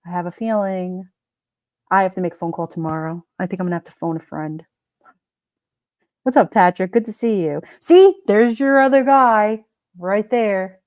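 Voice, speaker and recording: A woman's voice: medium pitch, moderate pace, darkish tone, no echo, studio quality. Chatty Brooklyn-accented woman streaming live. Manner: chatty, laughs often, reads chat comments aloud. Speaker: livestream host. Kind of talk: casual live-stream chat.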